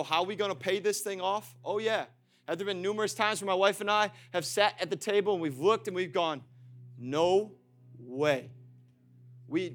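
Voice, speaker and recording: A man's voice: fairly high pitch, fairly bright tone. A pastor giving an impassioned sermon in a church, driving his points home with emphatic, repeated phrases.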